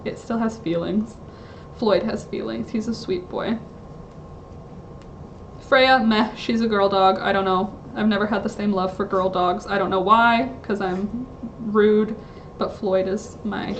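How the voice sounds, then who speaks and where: A woman's voice: mid-range voice, fairly even intonation, measured pace, lo-fi sound, a little hiss or hum. A woman chatting casually on a livestream from home, rambling and interrupting herself with lots of fillers. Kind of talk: casual live-stream chat.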